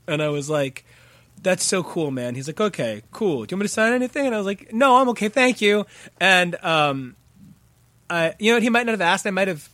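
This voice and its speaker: A man co-hosting a podcast, telling a story in an animated, excitable casual chat. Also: a little high, no room sound. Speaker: podcast co-host.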